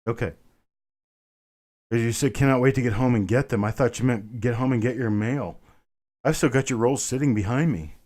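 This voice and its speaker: A man's voice: mid-range voice, normal speed, pauses often, a little mellow. Chatty man hosting a live coin auction. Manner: chatty, answers chat comments by name, calls viewers brother. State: a bit winded. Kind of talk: casual live-stream chat with viewers.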